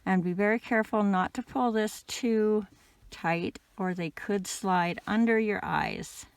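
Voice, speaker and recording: Gentle woman teaching crochet, dry sound. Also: medium pitch, a little slow, smooth, no room sound. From Canada. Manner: gentle, patient, with fillers like "um". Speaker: crochet instructor. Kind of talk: casual step-by-step tutorial.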